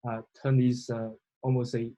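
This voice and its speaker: A man hosting a casual discussion, speaking in a measured, reflective way. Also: medium pitch, little pitch movement, warm tone. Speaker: host.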